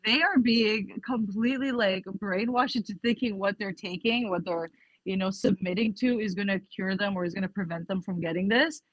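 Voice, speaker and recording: A woman's voice: mid-range voice, moderate pace, dry recording, muffled recording. Chatty woman on a podcast, acts out her convos, dead dry sound. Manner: animated storytelling, acting out quoted exchanges with her family and herself. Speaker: podcast guest. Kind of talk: casual podcast conversation.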